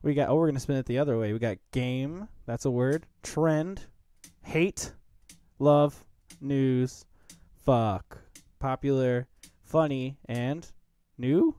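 A man's voice: mid-range voice, takes it slowly, mellow, clean tone, dry recording. A man co-hosting and producing a casual podcast, joking and teasing through a drinking game. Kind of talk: casual chat.

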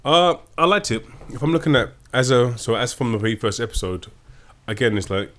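A man's voice: medium pitch, expressive, fairly quick, a bit bright. A man co-hosting a podcast in casual chat, playful and rambling, often restarting his sentences. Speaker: podcast co-host.

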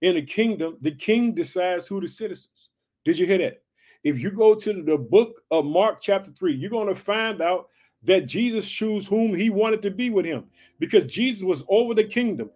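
A man from the United States preaching an excited podcast sermon, repeating call-outs to his listeners. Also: high voice, normal speed. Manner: excited, repeats "guess what" and "did you hear that". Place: home podcast setup in Chicago.

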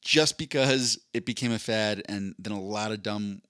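A man's voice: fairly low pitch, moderate pace, pushed and bright, dry recording, studio quality. A man co-hosting a casual podcast, joking around and slipping into silly voices when he quotes people. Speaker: podcast co-host.

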